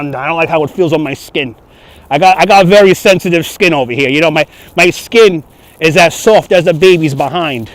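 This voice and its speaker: A man's voice: fairly high pitch, no room sound. A man, a tour guide hosting a live walking stream outdoors, joking and laughing as he chats to viewers. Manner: jokey, chatty, laughs often. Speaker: tour guide and livestream host. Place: outdoors on city streets. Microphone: phone on handheld gimbal.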